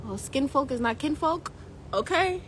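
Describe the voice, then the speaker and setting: A young Jamaican woman with a high voice speaks at a moderate pace, and the poor audio carries a little hiss or hum. She's a spiritual coach and YouTube host recounting history to her viewers in a casual, jokey way. Animated and laughing often, she slips into patois.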